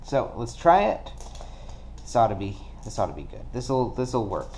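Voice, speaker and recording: A man casually narrating a solo card game play-through, working things out deliberately and counting dice aloud. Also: fairly low pitch, big pitch swings, darkish tone, slight background noise. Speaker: board game player.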